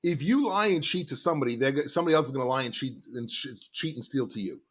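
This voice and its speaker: A middle-aged man, a sales trainer, telling stories in an animated, emphatic way as a podcast guest. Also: mid-range voice, fast talker. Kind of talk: casual interview talk.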